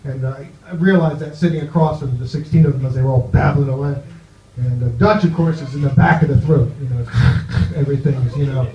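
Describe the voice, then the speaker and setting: A man from New Jersey doing a stand-up set in a comedy club, rambling and halting with lots of "you know". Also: medium pitch, steady tone, darkish tone. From New Jersey, USA. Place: comedy club with live audience. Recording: echoey, muffled live club recording.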